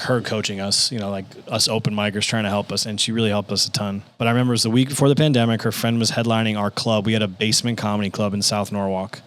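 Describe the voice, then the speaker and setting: A man's voice: fairly low pitch, clean tone. A man, a stand-up comedian telling stories as a podcast guest and acting out the people he quotes. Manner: animated, acts out quotes with profanity. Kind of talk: casual storytelling.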